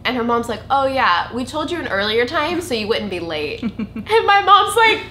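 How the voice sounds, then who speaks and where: A woman's voice: on the high side, a little fast. A young woman from Georgia in the United States, chatting casually with a friend as host of her own vlog. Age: young adult. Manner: chatty storyteller, animated. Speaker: YouTube vlogger, channel host. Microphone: camera mic. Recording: echoey room with faint noise.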